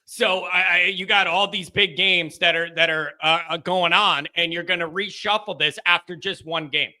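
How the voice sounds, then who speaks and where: A man running his own call-in sports show talks in a loose, rambling way, poking fun at himself as he goes. His voice sits high and rings sharp and bright. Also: fairly even intonation. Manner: rambling, self-deprecating, quick laughs. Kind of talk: casual sports talk monologue.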